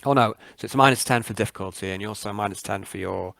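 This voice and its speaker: A man's voice: lowish voice, rapid-fire, vocal fry, a bit bright, no echo. A man narrating as game master of a tabletop game, hesitant with many fillers.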